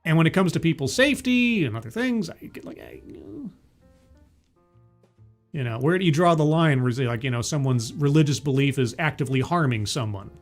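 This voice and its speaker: A man comments casually on a talk he is watching, his voice sitting slightly high. He rambles, restarts his sentences and drops in jokey asides. Soft music plays faintly under him. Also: animated, brisk.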